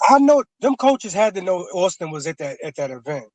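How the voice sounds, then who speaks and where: A man's voice: high voice, big pitch swings, a little fast, crowd noise. A man co-hosting a live stream, emphatic and slangy, repeating his points. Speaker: co-host. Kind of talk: casual live-stream commentary.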